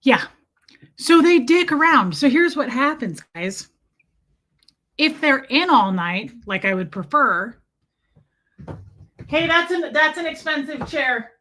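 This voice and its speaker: A woman's voice: high-pitched, sing-song, slow, long pauses, fairly bright tone. A woman hosting a casual livestream from her rural home, chatting with viewers, thanking them by name and swearing freely. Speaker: livestream host.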